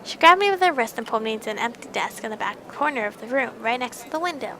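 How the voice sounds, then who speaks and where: A woman's voice: on the high side, animated, quick pace, noisy background. A young woman narrating a visual novel game aloud, breaking in with playful, giggly reactions. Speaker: game streamer.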